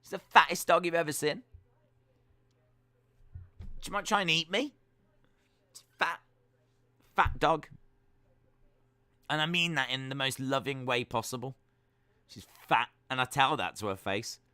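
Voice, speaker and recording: A man's voice: medium pitch, unhurried, long pauses, bright, forceful tone, clear, resonant tone, no echo. A young man hosting a casual watch-along stream, reading chat messages aloud with playful, teasing, self-mocking banter.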